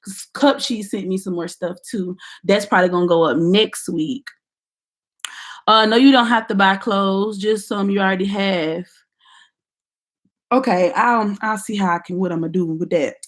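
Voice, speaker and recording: A young woman with a Southern American accent, chatting casually on a livestream, reading comments and talking straight to her viewers in a playful, animated way. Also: medium pitch, moderate pace. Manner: animated, playful, Southern-tinged slang, talks to viewers directly. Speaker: YouTuber doing a livestream. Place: at home at her computer.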